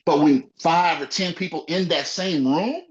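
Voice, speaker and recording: A man's voice: on the high side, measured pace, a crowd in the background. A man who owns a small business talks in a casual podcast conversation, emphatic and repetitive, leaning on "you know,". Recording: muffled lo-fi audio.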